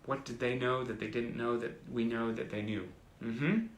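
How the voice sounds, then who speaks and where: A man's voice: medium pitch, steady tone, normal speed, reverberant. A man hosting a casual live stream, reading old clippings aloud with wry, self-mocking asides. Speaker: host. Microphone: phone or webcam on a live stream.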